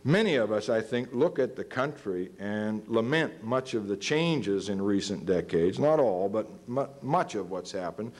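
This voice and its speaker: A man of about fifty, a guest lecturer, tells stories animatedly in a university auditorium, acting out the voices of the people in them. His voice is fairly low and a little slow, with hardly any pauses.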